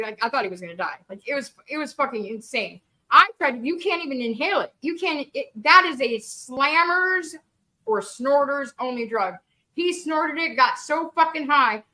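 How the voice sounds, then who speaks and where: A high, bright woman's voice, loose and unguarded, telling stories with plenty of swearing and laughter. Her tone stays sharp and forward as she chats. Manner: candid, laughing, swears freely. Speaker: guest storyteller. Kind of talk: casual profane storytelling.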